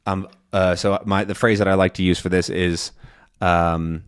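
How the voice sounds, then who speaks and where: A young man gives a casual English lesson, pausing to demonstrate and stretching out sounds, often saying um and correcting himself. His voice sits low, with a flat delivery and a clean tone.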